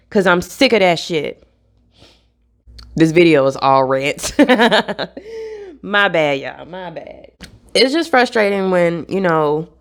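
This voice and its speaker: A young adult woman vlogging to camera in a casual rant, blunt and profane. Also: fairly low pitch.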